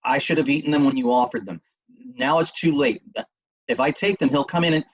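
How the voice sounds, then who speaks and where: A man's voice: mid-range voice, brisk, husky, muffled recording, pitched above the performer's own voice, lightly acted. Man reading a frail, frightened young boy. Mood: anxious.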